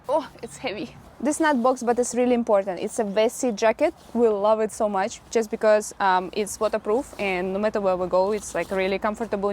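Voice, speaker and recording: A woman's voice: on the high side, darkish tone, a little hiss or hum. A young woman with a Russian accent, casually showing her packing in a travel vlog and laughing often. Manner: laughs often, lists items briskly. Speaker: vlogger.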